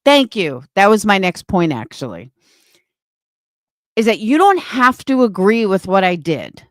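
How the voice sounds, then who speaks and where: A woman's voice: medium pitch, very animated, unhurried, no echo. A woman streamer delivering an angry, profane, confrontational rant on a livestream.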